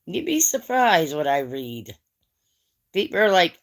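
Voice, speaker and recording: A woman's voice: sits low, big pitch swings, moderate pace. A tired, yawning woman hosting a livestream, chatting casually and bluntly to her viewers. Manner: blunt, chatty, talks straight to the audience. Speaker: livestream host.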